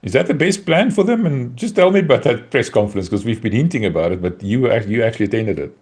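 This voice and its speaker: A man's voice: medium pitch, big pitch swings, quick pace, darkish tone. A man hosting a casual rugby podcast, asking questions and cracking jokes. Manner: joking, teasing, asks questions. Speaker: podcast host.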